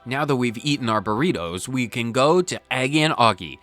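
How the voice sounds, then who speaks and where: Playful lively young-sounding gamer man. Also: mid-range voice, brisk, faint music behind. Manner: playful, jokey, self-explaining. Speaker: gaming channel host. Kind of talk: let's play commentary.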